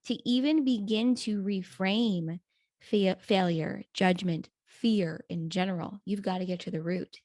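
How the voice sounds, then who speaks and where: A woman's voice: mid-range voice, fairly even intonation, measured pace, darkish tone, dry recording, clean studio sound. A woman hosting a podcast, affirming her guest and reflecting thoughtfully on what was said. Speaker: podcast host. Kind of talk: podcast interview.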